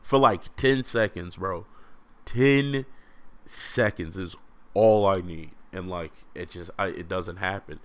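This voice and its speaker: Low-voiced young man telling a story. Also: slow pace. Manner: animated, slangy, laughing, with acted quotes. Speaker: podcast host. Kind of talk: casual storytelling monologue.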